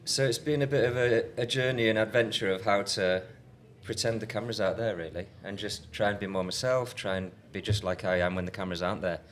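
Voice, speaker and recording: A man's voice: lowish voice, steady tone, quick pace, few pauses. A man co-hosting a live podcast, chatty and self-deprecating. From Yorkshire, England. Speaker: podcast co-host. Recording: faint ambient noise, live event.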